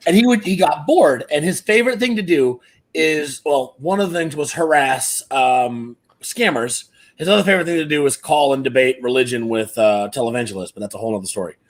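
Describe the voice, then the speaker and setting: A man's voice: a little high, fairly quick. A man co-hosting a casual podcast, telling a funny story and cursing freely. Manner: swears freely, deadpan jokes. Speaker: podcast co-host.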